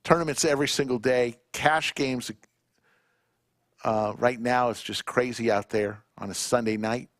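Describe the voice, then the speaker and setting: A man hosting a live poker stream in a poker room, chatting casually and reading out viewer shout-outs one by one. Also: mid-range voice, fairly even intonation, a little slow, dry recording, clean studio sound. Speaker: poker livestream commentator.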